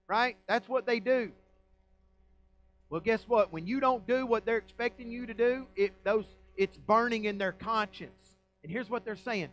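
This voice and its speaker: A man's voice: high-pitched, normal speed, fairly bright tone, soft background music, poor audio. A man with a Southern American accent, a pastor preaching a folksy, emphatic sermon full of rhetorical questions. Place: church sanctuary.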